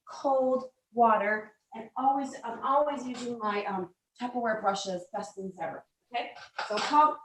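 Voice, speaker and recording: A woman's voice: on the high side, a little hiss or hum. Chatty woman demoing in an echoey kitchen. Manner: chatty, laughs often, gives tips. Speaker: cooking demonstrator. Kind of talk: casual cooking demo. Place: home kitchen.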